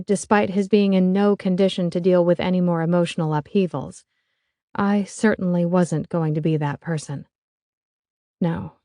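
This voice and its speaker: A woman's voice: lowish voice, dark tone, dry recording. A woman narrating a first-person romance audiobook in a wry, confiding way.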